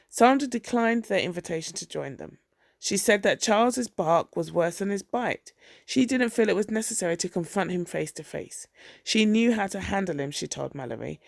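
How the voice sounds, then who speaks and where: Gravelly woman audiobook narrator. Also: mid-range voice, expressive, normal speed, dry recording, clean studio sound. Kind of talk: scripted narration.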